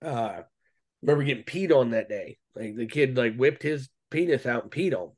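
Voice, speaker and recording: A man's voice: mid-range voice, lively intonation, moderate pace, darkish tone. A man, a guest on a podcast interview, telling a personal story in a casual, earnest and slangy way with frequent restarts.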